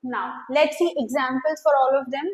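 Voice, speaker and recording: A woman teaching an English grammar lesson, explaining slowly with fillers and pauses. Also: high voice. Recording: echoey room with long reverb.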